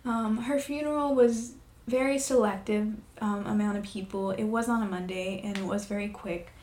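A young woman talking on her own podcast in a personal, confessional way, emotional and halting, with many pauses and fillers. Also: mid-range voice, steady tone, darkish tone. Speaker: podcast host. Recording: echoey room.

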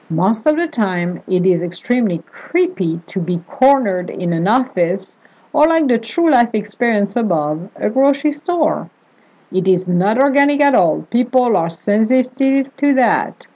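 A young adult woman vlogger telling a personal story in a rambling, animated way, laughing as she goes. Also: mid-range voice, low-quality recording. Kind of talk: casual storytelling monologue.

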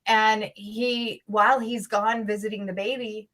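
A woman's voice: medium pitch, little pitch movement, unhurried, fairly bright tone. Female guest, earnest storyteller, urgent delivery with restarts, medium voice. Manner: emotional, intense storytelling. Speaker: interview guest. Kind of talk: personal story in an interview.

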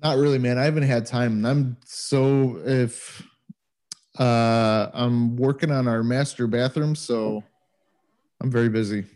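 A man's voice: mid-range voice, fairly even intonation, measured pace, darkish tone. Blunt, profane podcast co-host man. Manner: blunt, profane, laid-back. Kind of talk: casual chat.

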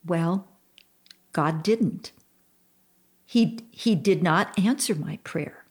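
Slow, earnest older woman host. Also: on the low side, darkish tone, slightly rough. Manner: earnest and heartfelt, slow and deliberate; slow-paced. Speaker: radio show host. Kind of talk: Christian advice talk.

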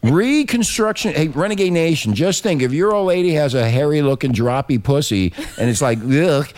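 A man's voice: a little high, expressive, normal speed, a little mellow. Rambling, crude male radio host. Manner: rambling, loose and profane. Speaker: radio talk show host. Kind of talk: crude radio talk show banter.

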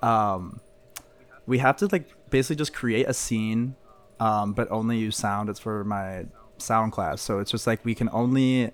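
A man's voice: lowish voice, normal speed. A young man from Missouri, a podcast guest, chatting casually with hesitant fillers and restarts. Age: young adult. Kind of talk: casual chat.

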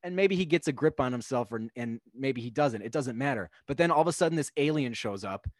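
A young man on a podcast, casually talking through a film in a rambling, animated way. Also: mid-range voice, fairly quick, no echo, studio quality. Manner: rambling, animated, acts out characters' lines. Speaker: podcast guest.

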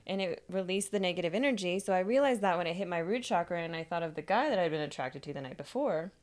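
A woman's voice: lowish voice, expressive, fast talker, darkish tone. A woman guest on a podcast telling a personal story in a chatty, casual way, full of "like" and laughter.

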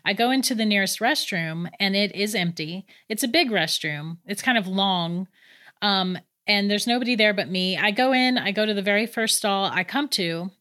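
A woman, probably in her thirties and a mother of three, chattily telling a true ghost story with quick laughs. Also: mid-range voice. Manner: chatty, animated, laughs between lines. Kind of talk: casual spoken ghost story.

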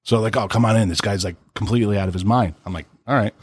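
A man co-hosting a casual, crude podcast chat, telling animated stories and mimicking others in a high voice. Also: fast talker, slightly rough, no echo, clean studio sound. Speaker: podcast co-host.

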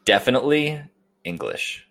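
A man co-hosting a podcast, telling stories in an animated, self-mocking way. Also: mid-range voice, normal speed. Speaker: podcast co-host. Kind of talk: casual podcast chat.

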